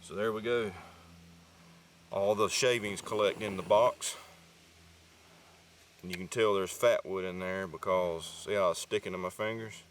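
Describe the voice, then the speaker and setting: A man with a Southern US accent giving a casual, chatty outdoor gear demo in the woods, folksy and quick to laugh at himself. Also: low voice, steady tone, slight background noise. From North Carolina, US South. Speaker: gear reviewer.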